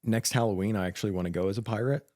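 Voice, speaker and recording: A man co-hosting a podcast about emergency medical work, telling stories with dark jokes and laughing often. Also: on the low side, very fast, no echo, clean studio sound. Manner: joking, laughs at his own dark humor. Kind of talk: casual chat.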